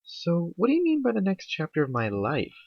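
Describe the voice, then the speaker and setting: A man's voice: fairly high pitch, wildly swooping pitch, a little fast, vocal fry, husky, no echo, pitched above the performer's own voice, full character voice. A man voicing an earnest, bookish young female unicorn who sounds puzzled and questioning. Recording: dull lo-fi home mic.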